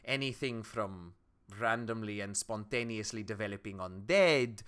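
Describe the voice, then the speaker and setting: A man voicing a shrewd, businesslike woman herbalist and alchemist in a tabletop game, measured and dry. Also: fairly low pitch, a bit bright, clear, resonant tone, lightly acted. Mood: grave.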